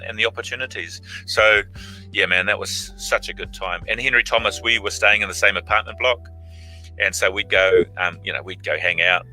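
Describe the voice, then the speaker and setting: A man's voice: on the low side, sharp tone, low-quality recording. A middle-aged man, an actor guest, telling casual stories over a video call, acting out quoted lines in big voices. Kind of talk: casual anecdotal storytelling.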